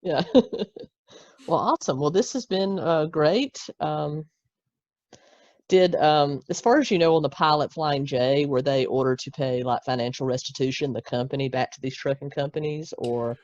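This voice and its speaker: A woman's voice: low voice, normal speed, a little mellow, no room sound. A woman hosting a podcast interview, chatty and upbeat, laughing easily. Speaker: podcast host. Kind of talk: casual interview chat. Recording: dry, dull lo-fi audio.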